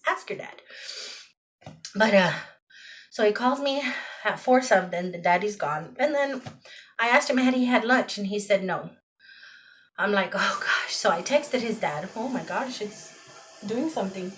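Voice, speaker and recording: A woman's voice: medium pitch, animated, moderate pace, long pauses. A middle-aged woman in a personal vlog, venting with exasperation and repeating words for emphasis. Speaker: vlogger and mother. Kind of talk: emotional personal vlog rant.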